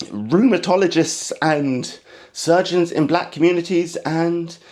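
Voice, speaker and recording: In this comedic monologue, a man with an English accent rattles through a funny story with animated energy, now and then switching into high-pitched mock voices. He's a fast, impatient talker, working as a stand-up comedian.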